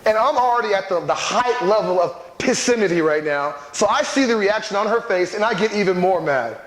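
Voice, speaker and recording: A man telling a lively personal story, repeating a running catchphrase for effect. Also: high voice, brisk. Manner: animated, repeats a catchphrase for laughs. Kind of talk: storytelling talk. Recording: echoey room.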